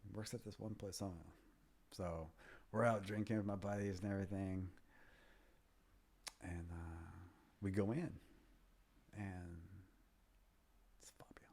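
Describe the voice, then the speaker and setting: A man's voice: fairly low pitch, normal speed, creaky, long pauses, darkish tone, a little hiss or hum. A man in his fifties telling rambling stories as an interview guest, often dropping to a near-whisper when he quotes people. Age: 50s. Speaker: guest, MMA fighter and trainer. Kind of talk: casual interview storytelling.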